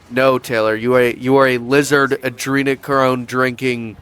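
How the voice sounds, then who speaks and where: A man's voice: medium pitch, flat delivery, normal speed, hardly any pauses, fairly bright tone, clear, resonant tone, faint music behind. A young man in a casual commentary vlog, sarcastic and profane, mocking as he talks. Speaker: YouTube commentator.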